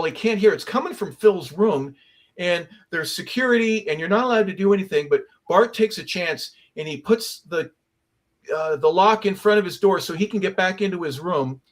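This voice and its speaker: A man hosting a sports talk radio show, telling a long anecdote and acting out the voices of the people in it. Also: high-pitched. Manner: animated storyteller, acts out quoted voices. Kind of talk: casual sports talk storytelling. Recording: online radio show remote mic.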